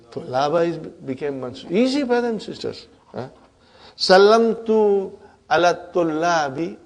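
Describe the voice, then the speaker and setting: Slow, high-voiced man teaching a class. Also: darkish tone. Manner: checks in with the class often. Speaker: Arabic grammar teacher. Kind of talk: classroom lecture.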